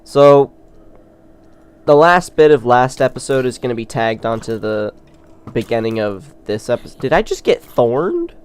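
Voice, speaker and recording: A man chats loosely while he plays, jumping between excitement and self-mocking asides. His voice is smooth and clear, with a middling pitch. He sounds like a casual gaming host talking to his viewers. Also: a little slow. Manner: rambling and excitable, self-deprecating. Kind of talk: let's play commentary.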